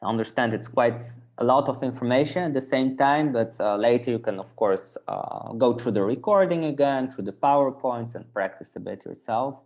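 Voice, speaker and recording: Teaching an online Dutch class, this man patiently says words slowly again and again for his learners, his English carrying a native Dutch accent. His pitch is medium and his tone darkish, and the audio sounds dull.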